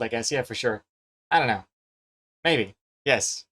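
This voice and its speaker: A man's voice: mid-range voice, slow, pushed and bright, husky. A young man from New Zealand with a mixed, slightly American-sounding accent, chatting casually on a live stream while he draws, reading chat messages aloud and laughing easily. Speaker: webcomic artist and streamer.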